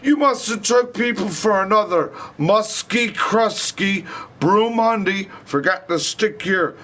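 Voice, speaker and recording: A man's voice: sits high, slow, a bit bright. A man livestreaming a rambling, profane rant in heavy slang.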